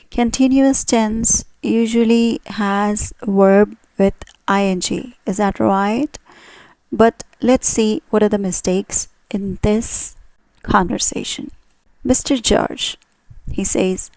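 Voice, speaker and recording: A woman's voice: medium pitch, darkish tone, no room sound. A woman teaching an English grammar lesson, explaining carefully and asking her viewers questions.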